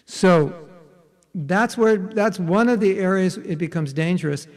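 In a big-sounding room, a man leads an interactive spiritual workshop, teaching conversationally and often checking in with his listeners. His voice is high with a darkish tone, and his pace is measured.

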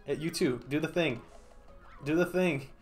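A man's voice: on the high side, moderate pace, faint music behind. A man streaming a game, chatting casually and playfully, laughing often and talking to the creatures on screen. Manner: playful, giggly, talks to the game. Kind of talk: casual gameplay commentary.

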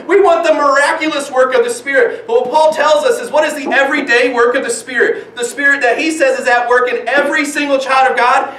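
A man's voice: very high voice, a bit bright, reverberant, far from the mic. A man preaching a sermon as pastor, earnest, with many rhetorical questions and repeated phrases. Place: church sanctuary.

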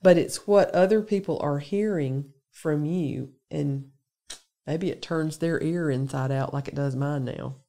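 A woman's voice: low-pitched, a little slow, mellow. A woman giving an earnest, conversational Bible lesson to a women's gathering. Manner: conversational, earnest, lists examples with emphasis. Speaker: women's day speaker.

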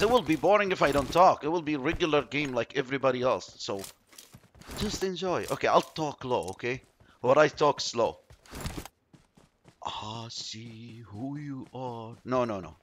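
A man giving chatty, excitable commentary while playing a shooter game, yelping when surprised. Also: mid-range voice. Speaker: mobile game streamer.

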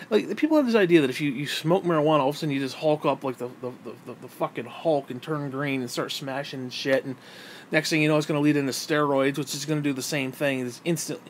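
A man's voice: fairly high pitch, slight background noise. A man giving a heated, exasperated political rant to camera, swearing freely. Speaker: vlogger.

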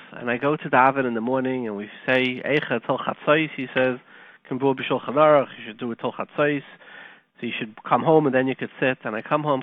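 A man hosting a radio talk show, telling a story and teaching Torah, animated and conversational, dropping to quiet retellings. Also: medium pitch, no echo. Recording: tinny phone-like line, dry.

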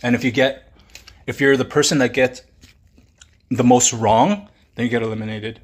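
A man with an ordinary mid-pitched voice talks in a calm, low-key way as he explains a show across the table. His delivery is plain and conversational, fitting a relaxed eating video. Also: normal speed. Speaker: mukbang co-host. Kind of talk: casual chat while eating. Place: indoors at a dining table.

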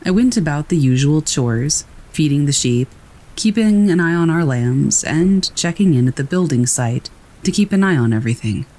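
A man reading scary first-person stories aloud in a calm, steady storytelling voice. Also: on the high side. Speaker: narrator. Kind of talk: scripted narration of scary stories. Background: rain.

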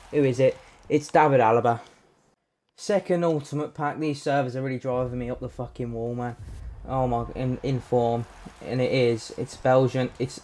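A man streaming a pack opening live, swearing freely and shouting when a good card comes up. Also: medium pitch. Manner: excitable, sweary, loud outbursts at good pulls.

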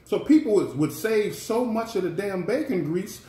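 An animated man chatting on a home cooking show. His voice swings widely up and down as he teases and tells stories. The room around him is echoey. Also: high-pitched, normal speed. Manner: animated storyteller, teasing. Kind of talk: casual chat.

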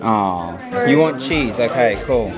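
A middle-aged British mum gives a chatty, amused running commentary in a low voice that swings widely in pitch. The room is echoey, with loud music and crowd noise playing behind her. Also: animated, slow. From Britain. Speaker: parent reacting to a show. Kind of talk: casual reaction chat.

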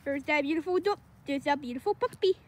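Woman, pet vlogger, very high voice, fond sing-song chatter, handheld camera outdoors. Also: fast. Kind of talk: casual vlog with pets. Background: dogs barking.

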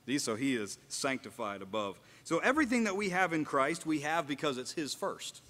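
A man's voice: on the high side, big pitch swings, moderate pace, pushed and bright, big-room sound. A man preaching a sermon at a house church, earnest, often repeating and restarting his phrases and rising for emphasis. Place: house church meeting room.

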